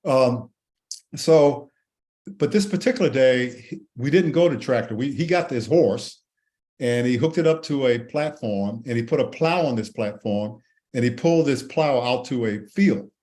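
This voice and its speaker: Man, sixties, interview guest, animated storytelling, stumbling restarts, medium pitch. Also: normal speed. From Washington D.C. and Maryland, USA. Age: 60s. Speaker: guest, Air Force veteran.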